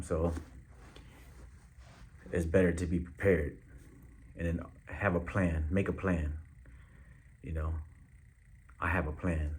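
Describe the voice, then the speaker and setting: A man with a very low voice speaks straight to his viewers in a relaxed vlog. His talk is slangy and loose, with frequent pauses and fillers as he thinks aloud. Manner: laid-back, slangy, halting with many fillers. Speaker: vlogger. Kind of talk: casual direct-to-camera update.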